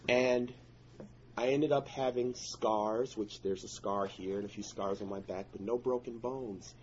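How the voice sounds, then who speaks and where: Earnest male storyteller, lowish voice, intense and prayerful; muffled recording with a light hiss. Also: fairly even intonation, unhurried. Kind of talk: personal story told to listeners.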